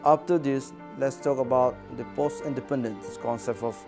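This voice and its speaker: A man with an Indian English accent giving a measured academic lecture, reading from prepared text. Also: mid-range voice, music in the background.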